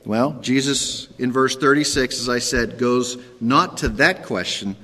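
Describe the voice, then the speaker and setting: A man's voice: measured pace, sharp tone, in a large hall. A man preaching a sermon in a conversational way, checking in with "okay?" and sometimes acting out the quoted characters. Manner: acts out Pilate's sarcastic lines in a higher voice. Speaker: pastor.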